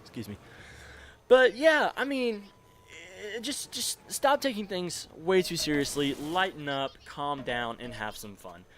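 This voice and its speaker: A man's voice: high-pitched, lively intonation, measured pace, a crowd in the background. A nineteen-year-old man telling a rambling, profane story on his gaming channel, laughing often, into a desk mic. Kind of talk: casual storytelling while gaming. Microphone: desk microphone.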